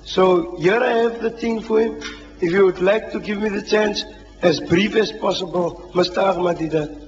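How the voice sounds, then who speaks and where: High-voiced man pleading from the audience. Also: moderate pace, faint music behind. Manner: polite, pleading for a chance. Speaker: audience member asking a question. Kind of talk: question at a lecture. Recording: dull old hall recording with reverb and hiss.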